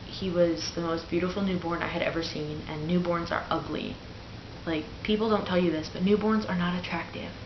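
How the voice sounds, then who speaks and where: Chatty young mom in an echoey room. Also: female voice, fairly low pitch, steady tone, a little fast, background noise. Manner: candid and chatty, full of "like" fillers. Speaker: new mother telling her birth story. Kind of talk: casual personal storytelling to camera. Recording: echoey room, dull lo-fi sound.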